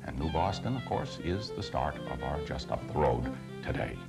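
A man with a New England accent, hosting a travel show and telling a history story in a measured way with dramatic pauses. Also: a bass voice, lively intonation, creaky, loud music behind the voice. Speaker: host. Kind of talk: storytelling narration.

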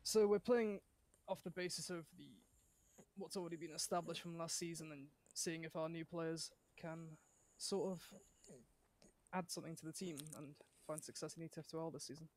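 A man who is a guest player, chatting casually on a live stream and explaining his team in a relaxed way with some fillers. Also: a little high, moderate pace, no echo.

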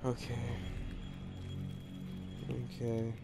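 A man giving let's-play commentary, excitable and full of swearing and rambling asides. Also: medium pitch, very slow, gravelly. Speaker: gamer. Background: game music.

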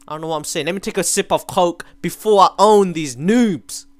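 A young man giving live gameplay commentary, excitable and ranting with sudden outbursts, his voice going hoarse. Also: high voice, fairly quick, dry recording. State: losing his voice. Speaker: gaming commentator.

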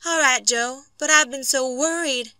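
A woman voicing a young frontier wife and new mother who speaks softly and pleads, rising into worry. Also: sits high, measured pace, no room sound, pitched above the performer's own voice. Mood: tender. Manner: soft, pleading, rising to alarm.

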